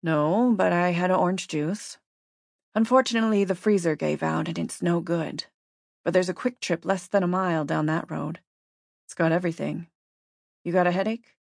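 A woman's voice: on the low side, fairly even intonation, normal speed, creaky, dry recording. A woman reading the part of a centuries-old male shape-shifter who talks in an easygoing, offhand way, in a dry close recording.

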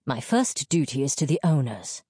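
A woman's voice: extremely low pitch, sing-song, moderate pace, mellow, husky, no room sound, full character voice. A woman voicing a man in his late thirties, a mining engineer who talks in a dry, clipped, dismissive way. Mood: firm.

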